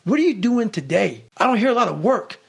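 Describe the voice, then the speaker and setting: A man's voice: high-pitched, big pitch swings, fairly quick, creaky, husky. A man giving a profane, intense motivational talk, cussing constantly. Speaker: motivational speaker.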